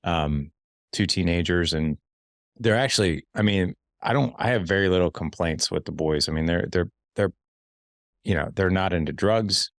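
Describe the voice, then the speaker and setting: In a casual interview-style podcast chat, the host talks in a very low male voice at a moderate pace. He's emphatic and often restarts or repeats words mid-thought. The sound is dry and close-miked, with no room noise.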